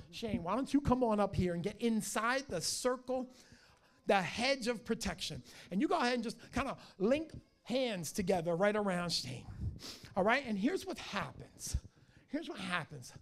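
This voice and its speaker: A middle-aged man preaching a sermon in a church, telling stories with animated energy and frequent restarts. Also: high voice. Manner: animated storytelling, restarts and stammers. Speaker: pastor.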